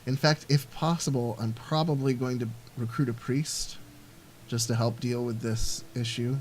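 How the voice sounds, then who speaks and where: A man's voice: medium pitch, steady tone, moderate pace, slight background noise. Rambling man narrating a strategy game. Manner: rambling, thinking aloud with many fillers. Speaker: let's play host. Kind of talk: casual gameplay commentary.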